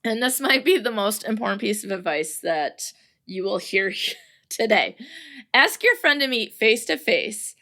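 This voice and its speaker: A woman with a slightly high, expressive, pushed and bright voice speaks a little slowly on her solo podcast about friendship. She's chatty and upbeat, reading out quotes and laughing often.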